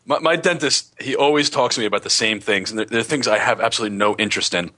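A man co-hosting a radio show, telling animated everyday anecdotes in casual chat, with lots of fillers. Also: lowish voice, fast. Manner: animated anecdotes, filler-heavy, laughs at his own stories.

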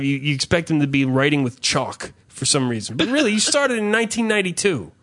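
A man's voice: a little high, quick pace. A man hosting a podcast, telling a rambling, profane comic story in casual chat. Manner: profane, rambling, animated rants. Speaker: podcast host.

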